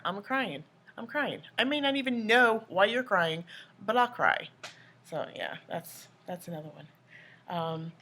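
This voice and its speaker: Bright-voiced woman vlogger, rambling and candid. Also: lowish voice. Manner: rambling, candid, lots of fillers. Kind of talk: casual chat to camera.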